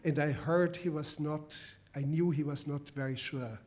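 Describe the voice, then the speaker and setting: A man with a German accent, a film director at a public masterclass, answering a question with a deliberate, emphatic anecdote. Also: a little high, fairly even intonation, darkish tone. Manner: deliberate, emphatic storytelling with restarts. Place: festival event before a live audience.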